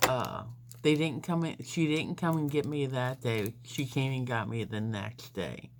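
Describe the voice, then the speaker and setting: Lady chatting slow while doing her makeup, lots of uhs, rambly story, soft hum behind her. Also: a bass voice. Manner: rambling, unhurried, with frequent fillers. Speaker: beauty vlogger.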